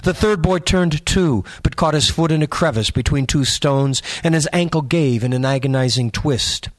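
A man narrating a spooky story in a measured, suspenseful audiobook reading. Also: on the high side, no echo.

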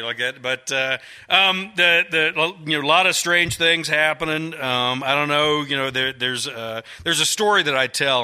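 A middle-aged man spins a loose, self-deprecating yarn for a crowd, wandering through asides and tics. His voice is strikingly bright and forward at an ordinary pitch for a man. He talks with an easy folksy humor. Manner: rambling, folksy and self-mocking, with a habitual "like that". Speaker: author speaking to a bookstore audience. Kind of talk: casual storytelling to a live audience.

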